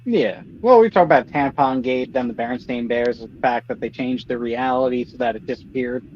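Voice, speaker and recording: A man's voice: medium pitch, fairly quick, slight background noise. A man in casual podcast chat, wry and chuckling as he talks. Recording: dull lo-fi sound.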